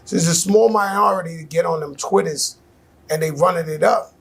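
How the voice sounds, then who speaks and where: Gravelly high-voiced man, profane talk. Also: a little fast. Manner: animated, profane, storytelling. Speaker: interview guest. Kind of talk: heated casual interview talk.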